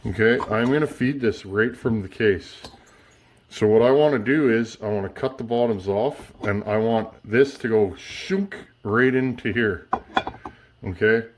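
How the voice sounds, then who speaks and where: A man's voice: on the low side, measured pace, noisy background. A man hosting a casual workshop tutorial, thinking aloud as he works, restarting sentences and checking in with "okay?" often. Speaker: chainsaw builder and channel host.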